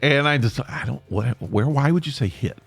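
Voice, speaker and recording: A man's voice: mid-range voice, moderate pace, gravelly, slightly rough, dry recording, soft background music. A man with an Appalachian accent, hosting his own podcast and talking in a rambling, self-correcting way with frequent chuckles. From East Tennessee. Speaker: podcast host. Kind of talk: casual monologue.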